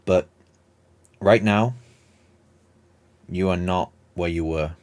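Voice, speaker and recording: A man narrating a tabletop game as game master in a measured, descriptive way. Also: deep voice, darkish tone.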